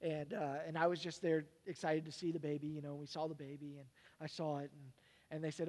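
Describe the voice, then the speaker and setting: A man, a pastor preaching a sermon, telling stories in an animated way and dropping to quiet, halting reflection. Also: fairly high pitch. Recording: long hall reverb.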